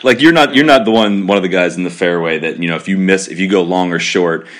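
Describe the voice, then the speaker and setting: A man's voice: sits low, fast talker, a bit bright. A man hosting a podcast, chatty, asking long winding questions. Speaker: podcast host. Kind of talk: casual interview chat.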